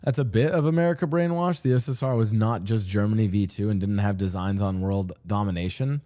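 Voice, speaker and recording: A man streaming and chatting casually about world politics, rambling and animated, often restarting his sentences and slipping into mock voices. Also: on the low side, fairly quick. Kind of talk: casual livestream chat. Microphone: streaming desk mic.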